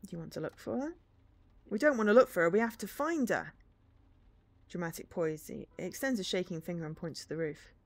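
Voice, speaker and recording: A woman's voice: on the low side, animated, fairly quick. A woman streamer reading a story game aloud, with dry, sarcastic asides.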